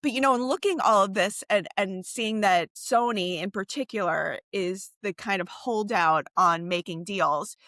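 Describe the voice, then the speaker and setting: A woman's voice: mid-range voice, measured pace, few pauses, a bit bright, dry recording. A woman co-hosting a podcast in a loose, chatty way, with lots of fillers and restarts. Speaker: podcast co-host. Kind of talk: casual podcast discussion.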